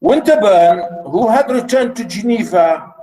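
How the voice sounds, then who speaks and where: A man's voice: high-pitched, lively intonation, unhurried, dark tone, roomy sound, low-quality recording. A man teaching literature, explaining a novel to his class with theatrical readings. He swings from mutters to exclamations. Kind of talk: class lecture with dramatic readings.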